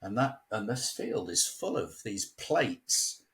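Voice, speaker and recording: A man's voice: lowish voice, animated, takes it slowly, fairly bright tone. A man from England chatting casually as a local guest, telling stories and laughing often. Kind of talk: casual chat. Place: at home near a village.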